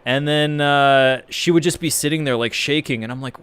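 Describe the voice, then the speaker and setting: A man's voice: on the high side, moderate pace, fairly bright tone, smooth, no room sound. A man streaming a video game, chatting casually with viewers, rambling and swearing as he answers their messages. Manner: rambling, profane, reads and answers chat. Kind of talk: casual live-stream chat while gaming.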